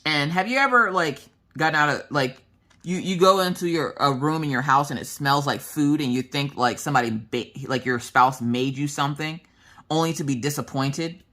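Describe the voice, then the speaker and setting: Woman vlogger, low pitch, forceful bright tone, animated storytime delivery. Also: moderate pace. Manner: animated, frank storyteller who acts out quoted voices. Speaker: crafting vlogger. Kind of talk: casual storytime chat.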